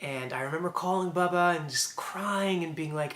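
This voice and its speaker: A man's voice: on the high side, lively intonation, fairly quick, fairly bright tone, slight background noise. A young man telling a personal story to camera, rambling and reflective with frequent restarts. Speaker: vlogger. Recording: echoey room.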